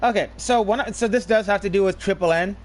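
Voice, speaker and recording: A man streaming a video game, telling stories casually in an animated, profane way. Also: high voice, brisk. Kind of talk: casual chat while gaming.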